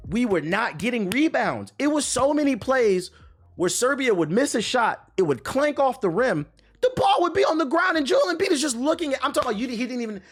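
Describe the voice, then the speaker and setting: A young man streaming live, ranting in a heated, profane and emphatic way, with faint music behind him. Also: on the high side. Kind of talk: animated live-stream rant.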